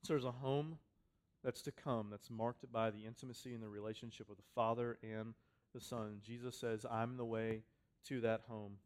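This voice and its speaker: A man's voice: medium pitch, fairly even intonation, moderate pace, darkish tone. Man preaching with dramatic repetition. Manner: conversational preaching with repeated phrases and sudden volume swings. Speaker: pastor. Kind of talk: sermon. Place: church hall with a congregation.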